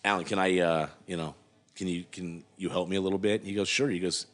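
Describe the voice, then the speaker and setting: A man's voice: deep voice, steady tone, fairly quick. A middle-aged man, a guest brewer, telling a long rambling story in a casual interview, full of fillers and acted-out quotes.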